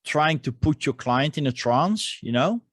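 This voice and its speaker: Male interview host, halting delivery, dry room. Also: a little high, expressive, dry recording. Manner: hesitant, many "uh" fillers. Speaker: podcast host and coach. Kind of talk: interview conversation.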